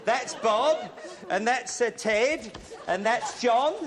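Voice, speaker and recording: A man with an English accent hosting a live TV game show, teasing contestants with quick jokes and asides. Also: very high-pitched, heavy background noise. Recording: 1970s TV studio with loud audience.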